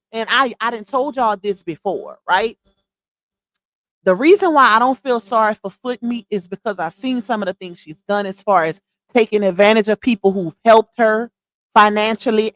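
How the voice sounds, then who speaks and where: Female livestream host, casual scolding commentary, slightly high voice. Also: a bit bright, no room sound. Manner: blunt, scolding, addresses viewers directly.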